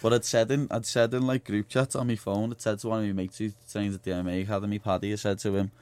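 Young man, Liverpool accent, lowish voice, chatty storytelling, slang and fillers, dry studio sound. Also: little pitch movement, fast, a little mellow, clean tone, no room sound. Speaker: guest fighter. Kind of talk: casual studio chat. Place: radio studio.

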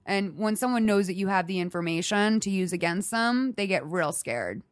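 A woman's voice: medium pitch, animated, normal speed, hardly any pauses, dry recording, clean studio sound. A woman hosting a podcast, giving blunt, profane advice in casual chat. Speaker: podcast host.

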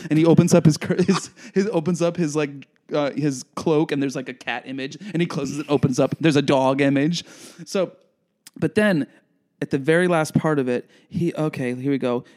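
Higher-voiced guy co-hosting a chatty podcast, gets super animated and gushy. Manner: animated, gushing, breaks into sung quotes. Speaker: podcast co-host. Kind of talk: casual chat.

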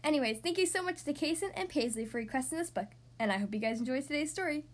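A woman who hosts a podcast reads a picture book aloud to small children. Her voice is high and swings widely in pitch as she goes. She speaks in a friendly, animated way. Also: fast. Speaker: podcast host reading to kids. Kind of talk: storybook read-aloud.

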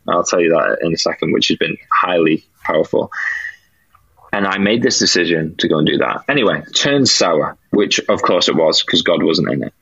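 A man's voice: deep voice, gravelly, a bit bright, slightly rough, dry recording. A British man, a podcast guest, earnestly telling a faith testimony and acting out the dialogue he remembers. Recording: dull lo-fi dry sound.

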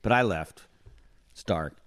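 A man with a very deep voice, talking casually on a podcast. He is from North Carolina and tells his stories with energy, jumping into the voices of the people in them. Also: unhurried. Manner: animated storyteller who acts out other people's lines. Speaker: podcast co-host. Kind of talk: casual chat, storytelling.

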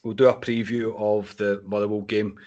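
A man's voice: on the low side, level tone, moderate pace, darkish tone, dull audio. A young Scottish man hosting a casual fan podcast, frustrated and swearing about a lost match. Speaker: podcast host.

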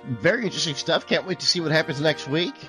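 A man's voice: fairly high pitch, expressive, quick pace, over music. A man co-hosting a podcast, prompting his partner with short remarks. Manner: brief prompting interjections. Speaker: podcast co-host. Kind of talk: casual interview chat.

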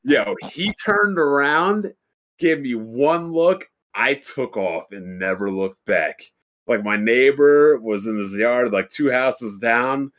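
A man on a casual podcast launches into a rowdy, profane anecdote. His pitch sits in the middle range, and he talks loosely, with lots of fillers. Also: slow. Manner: animated, profane anecdote-telling. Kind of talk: casual storytelling chat.

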